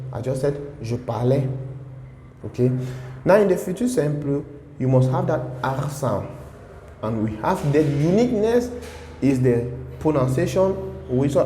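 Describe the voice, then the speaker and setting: Brief: patient male French teacher, warm mellow tone, echoey room with a long reverb tail. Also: mid-range voice, a little hiss or hum. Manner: patient, repeats examples, checks in with okay. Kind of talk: online language lesson.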